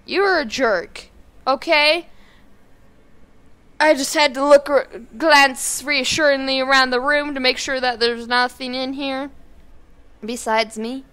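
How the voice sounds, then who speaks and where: A teenage girl chatting casually and rambling while playing a game at her home computer, now and then breaking into sudden yells. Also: high voice, fairly even intonation, a little slow, pauses often, smooth. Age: teens. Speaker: gaming YouTuber. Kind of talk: let's play commentary. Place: kitchen at home.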